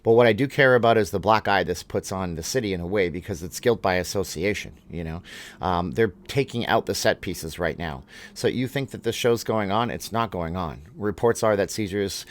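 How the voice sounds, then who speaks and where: A man's voice: deep voice, moderate pace. A man hosting a vlog, giving opinionated commentary in a ranting way, often repeating and restarting his words. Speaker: vlog host.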